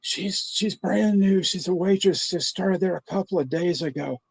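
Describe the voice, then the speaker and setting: A man voicing a frantic, jealous prank caller with a strained, raspy, high voice. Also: moderate pace, full character voice. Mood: pleading.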